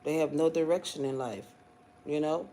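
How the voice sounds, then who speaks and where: A man's voice: fairly high pitch, normal speed, mellow. A man chatting casually on a livestream, full of fillers and pet names like "boo" and "baby.". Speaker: livestream host.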